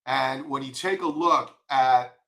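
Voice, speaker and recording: A man's voice: mid-range voice, measured pace, a bit bright. A man with a Long Island accent giving blunt, emphatic stock chart commentary, repeating his warnings. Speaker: market commentator.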